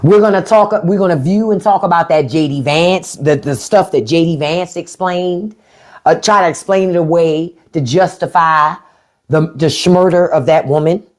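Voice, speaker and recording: A woman's voice: lowish voice, moderate pace, darkish tone. A woman hosting a live stream, talking bluntly and with plenty of profanity straight to her viewers. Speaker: podcast host doing a live stream. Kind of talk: unfiltered live-stream commentary. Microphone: phone or webcam on a live stream.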